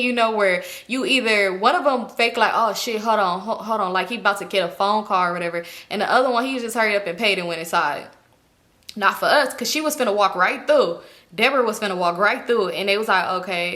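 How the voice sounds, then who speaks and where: Bright-voiced young woman telling a story. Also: medium pitch. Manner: slangy, animated, acts out quoted people. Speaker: storytime vlogger. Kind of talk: casual storytelling.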